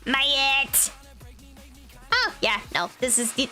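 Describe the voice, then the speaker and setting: A young woman chats casually on her stream in a bright, higher voice that swoops up and down. She rambles cheerfully and fills gaps with "um" and "like". Faint music plays under her talk. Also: very animated, slow. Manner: rambling, upbeat, lots of fillers. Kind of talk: casual chat.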